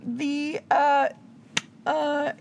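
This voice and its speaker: A young woman co-hosting a podcast in casual chat, animated and giggly, slipping into playful voices. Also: high voice, extremely slow, vocal fry, slight background noise. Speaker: podcast co-host.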